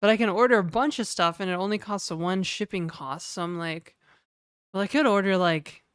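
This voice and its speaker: On a livestream, a woman from New Brunswick, Canada, talks casually and wanders from topic to topic, joking and laughing frequently. She has a medium-pitched, clean voice, speaks a little fast, and the studio-quality audio has no echo.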